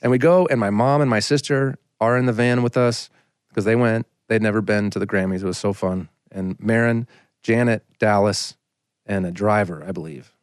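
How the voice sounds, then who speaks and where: A man in his thirties with a somewhat low voice tells a rambling story on a podcast and fills his sentences with "like". The sound is close and dry, with no room around it. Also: normal speed, smooth, dry recording. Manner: rambling, anecdotal, frequent "like" fillers. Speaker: singer-songwriter guest. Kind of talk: casual storytelling in a podcast interview.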